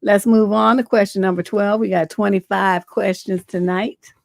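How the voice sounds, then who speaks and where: A middle-aged relationship coach hosting an advice livestream talks at normal speed in a mid-range voice with a steady tone and vocal fry. She's blunt, profane, and rambling, full of fillers, and reads letters from viewers aloud. The recording is dry.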